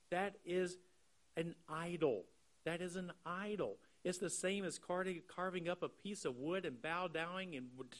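High-voiced man preaching an earnest sermon. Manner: earnest, explanatory, slows down to stress key phrases. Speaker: pastor. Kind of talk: expository sermon.

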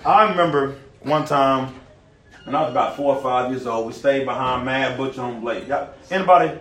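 A man preaching a folksy, animated sermon in a nursing home, talking straight to his listeners. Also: medium pitch, a little fast, distant mic, slight background noise. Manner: animated, folksy, talks directly to the audience. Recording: echoey room, recorded from afar.

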